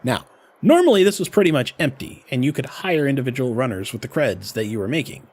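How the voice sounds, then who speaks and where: A man's voice: medium pitch, sing-song, brisk, darkish tone, husky. Wry man narrating a game stream. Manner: wry, casual, reads game text aloud. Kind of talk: let's play narration with character voices.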